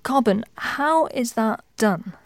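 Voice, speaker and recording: A woman presenting a radio programme, putting clear, probing questions to her guests and summing up neatly. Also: a little high, expressive, slow pace, no echo.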